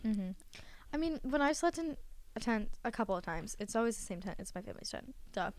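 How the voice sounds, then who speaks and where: Here a teen girl appears as a podcast guest, talking brisk and expressive with a fairly high, slightly mellow voice. In casual conversation she wanders through lengthy explanations, leaning on fillers and getting short of breath.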